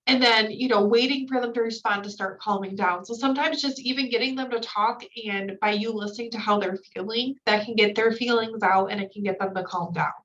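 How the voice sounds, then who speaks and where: Bright-voiced woman trainer, slightly distant. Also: a little high, fairly even intonation, a little fast, hardly any pauses, highs cut off. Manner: explains slide by slide with fillers. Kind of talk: recorded training lecture.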